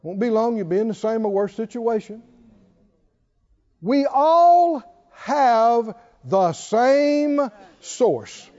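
A man with a strikingly high, mellow voice preaches a sermon in slow, drawn-out phrases. He presses his points with repeated rhetorical questions, and his pitch swings widely. The recording sounds dull and lo-fi. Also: big pitch swings.

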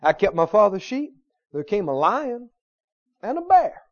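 A man's voice: high voice, sing-song, measured pace, highs cut off, pitched above the performer's own voice. A male preacher acting out a fearless young shepherd, defiant and mocking toward his foes. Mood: bold.

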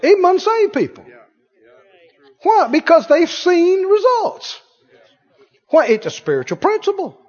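A man preaching a sermon as pastor, emphatic, swinging from loud declarations to hushed asides. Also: very high-pitched, sing-song, a little slow, pauses often. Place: church sanctuary. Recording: dull echoing church hall.

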